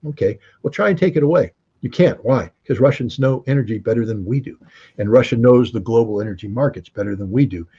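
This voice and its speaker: Man, interview guest, husky mellow voice, emphatic and sardonic, dull lo-fi sound. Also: mid-range voice, fast talker. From United States. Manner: emphatic, sardonic, rhetorical questions. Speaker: guest commentator. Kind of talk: interview commentary. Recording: dull lo-fi recording.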